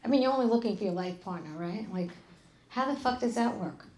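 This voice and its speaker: A middle-aged woman with a fairly high voice working a live comedy crowd. She is brash and profane, tossing off deadpan asides between punchlines, and her voice rings around an echoey venue. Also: a little fast. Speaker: stand-up comedian. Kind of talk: live stand-up comedy set. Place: club stage with an audience. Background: audience laughter.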